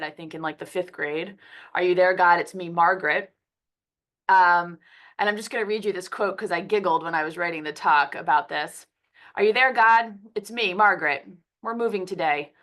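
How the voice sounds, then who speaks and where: A woman's voice: lowish voice, fairly even intonation, moderate pace, fairly bright tone. A woman from Philadelphia, a physician who has a cold, giving a conversational webinar lecture over a computer mic. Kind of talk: webinar presentation.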